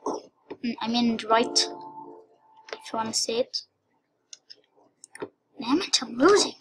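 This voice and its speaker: A woman giving casual commentary on a game she is playing, excitable, dropping into whispered asides and then breaking into squealing cheers. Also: fairly high pitch, slow, noisy background. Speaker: gameplay commentator.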